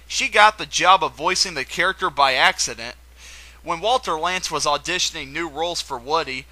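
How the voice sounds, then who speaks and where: Young male host, high-pitched and animated, bright edge, enthusiastic countdown delivery. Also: no room sound, poor audio. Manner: enthusiastic, with playful asides. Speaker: video host. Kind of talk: countdown commentary.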